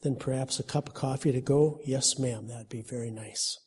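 A man's voice: medium pitch, fairly even intonation, normal speed, a little mellow, slightly rough. A man preaching a sermon in an earnest, conversational way, then reading a story aloud and lightly voicing its characters.

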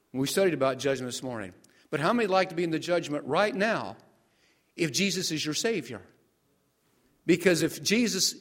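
An older man preaching a sermon as pastor, asking his congregation questions and waiting for their answers. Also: high voice.

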